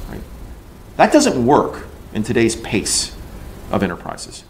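A man in charge of a large engineering team gives an animated, joking conference talk in a ranting manner. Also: medium pitch, slow, long pauses, a little hiss or hum. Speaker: engineering leader. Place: conference room.

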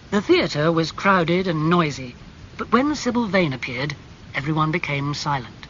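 A man narrating a classic novel as an audiobook, in a clear, measured storytelling manner. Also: on the high side, lively intonation, a bit bright. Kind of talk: audiobook reading of a graded classic. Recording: slightly muffled with faint hum.

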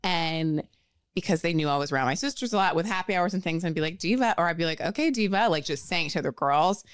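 Brief: woman, 30s, podcast co-host, low voice, chatty storyteller, dry close mic. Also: fast talker, smooth, no room sound. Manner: chatty storyteller, many "like"s, acts out quotes. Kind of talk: casual chat.

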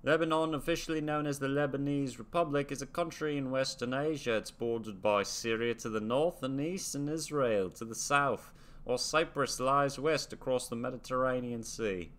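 His medium-pitched voice has a fairly bright tone and moves at a moderate pace. As the young American host of a reaction video, he casually reads facts aloud, muses, and trails off.

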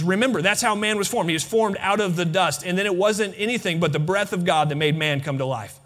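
Preacher guy, high voice, animated, keeps repeating stuff to the congregation. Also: brisk, hardly any pauses. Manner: animated, talks to the congregation directly with repeated phrases. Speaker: pastor. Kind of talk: sermon. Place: church sanctuary.

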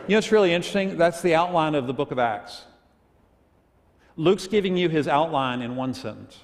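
A man's voice: a little high, lively intonation, a little fast. A man preaching a sermon in a church sanctuary, telling folksy humorous stories and leading the congregation in reading aloud. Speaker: pastor. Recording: echoey church hall.

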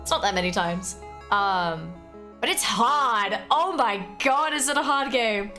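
A young Australian woman streaming a game live, excitable and quick to swear and laugh as she chats with her viewers. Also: on the high side, faint music behind. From Melbourne, Australia. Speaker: livestreamer. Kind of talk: casual live game commentary.

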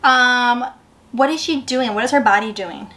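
A woman teacher reading a picture book aloud and asking a child questions in an animated, encouraging way. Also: a little high, moderate pace.

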